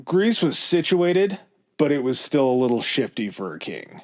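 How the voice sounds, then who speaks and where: A man co-hosting a history podcast presents the history loosely and conversationally, full of fillers and asides. His medium-pitched voice is very animated, and he speaks at normal speed.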